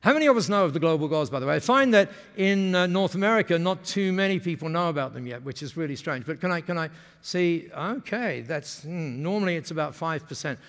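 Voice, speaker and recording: A man's voice: on the high side, lively intonation, a little fast, a bit bright. A man giving an enthusiastic storytelling keynote at a business forum, asking the audience questions, recorded in a large conference hall. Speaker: keynote speaker. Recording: long hall reverb.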